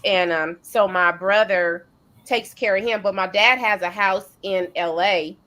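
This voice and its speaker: A middle-aged woman hosting a casual chat, telling family stories in a relaxed way with fillers and restarts. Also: mid-range voice, unhurried. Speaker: host.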